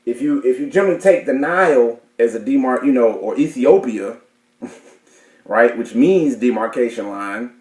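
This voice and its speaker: A man's voice: medium pitch, lively intonation, moderate pace, a little mellow, roomy sound, rough recording. A man teaching a class, reading out dictionary definitions and explaining them with many fillers and restarts. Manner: hesitant, many fillers and self-corrections.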